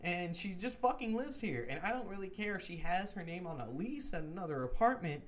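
Profane high-voiced young man ranting. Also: animated, normal speed, hardly any pauses. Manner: heated, profane, rising to shouts when retelling arguments. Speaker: podcast co-host. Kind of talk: casual podcast rant.

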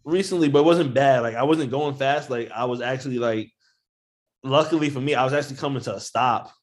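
A man chats in a laid-back, profane way at a mid pitch. He laughs easily and drags his phrases out, sometimes trailing off quietly. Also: a little fast. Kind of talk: casual chat.

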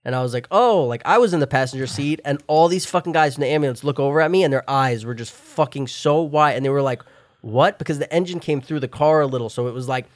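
A man's voice: mid-range voice, quick pace, no room sound. Young man swearing through a rambling story. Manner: profane, rambling storytelling with loud acted-out shouts. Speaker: guest telling a story. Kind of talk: casual chat.

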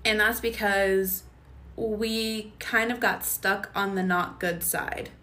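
A young woman co-hosts a podcast, chatting casually in a blunt, opinionated way and laughing between remarks. Her medium-pitched voice is steady, slow, pushed and bright.

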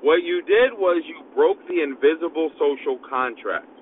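Dad ranting into his phone in the car, slangy and rambly, tinny phone-sounding audio, faint car rumble underneath. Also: expressive, normal speed. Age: adult, father of young kids. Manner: slangy, rambling, keeps getting interrupted by his kids. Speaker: podcaster. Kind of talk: casual rambling podcast monologue. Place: inside a car.

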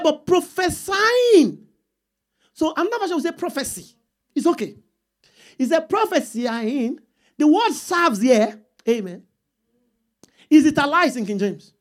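A woman preaching a sermon, repeating points and calling for answers from the congregation. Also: sits high. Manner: call-and-response with the congregation, emphatic repeats.

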